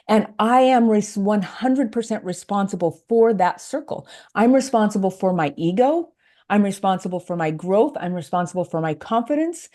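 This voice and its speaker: Mellow-voiced woman coach explaining. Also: medium pitch. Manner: earnest, explains concepts step by step. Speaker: life coach guest. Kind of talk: podcast conversation.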